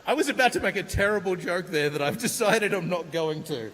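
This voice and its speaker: A man's voice: high voice, animated, a little fast, a bit bright. A man hosting a live convention panel, upbeat and repeating questions from the audience. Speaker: panel host. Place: large convention hall stage. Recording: convention hall reverb, faint hiss.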